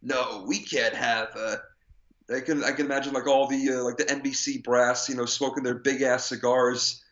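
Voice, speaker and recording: A man's voice: medium pitch, monotone, brisk, few pauses, fairly bright tone. A man talking casually as a co-host, rambling along with lots of fillers and restarts. His voice sits mid-range, and he laughs easily. The recording is slightly dull and lo-fi. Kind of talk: casual chat.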